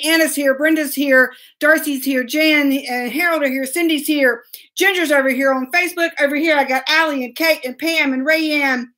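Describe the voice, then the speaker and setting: A woman hosting a live web show, greeting viewers by name in a bubbly, excitable way and laughing often. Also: sits high. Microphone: laptop mic.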